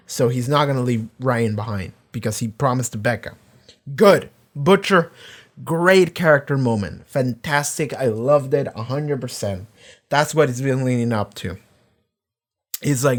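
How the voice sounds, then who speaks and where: A man in a casual video reaction, talking through a TV episode at an ordinary, mid-range pitch. He rambles and restarts as he gets excited, and he swears freely between his points. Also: moderate pace. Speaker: TV reaction YouTuber.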